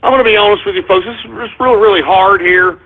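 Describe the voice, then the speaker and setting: High-voiced exasperated male radio host. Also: fast talker, narrow, tinny audio, heavy background noise. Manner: exasperated, stammering, keeps repeating "man"; pleading, addresses listeners as folks. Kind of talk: call-in radio show monologue.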